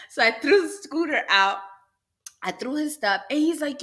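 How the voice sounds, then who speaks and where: Her voice runs on the high side at a normal speed. The young woman is a podcast co-host recounting a story in relaxed talk, acting out people's lines with lively, animated delivery.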